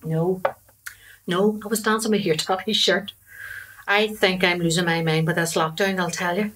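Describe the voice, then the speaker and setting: A woman's voice: fairly low pitch, steady tone, moderate pace, fairly bright tone, a little hiss or hum, lightly acted. An actress playing a chatty, gossipy middle-aged mother with a Belfast accent. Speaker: mother and wife. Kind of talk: comedy drama acting.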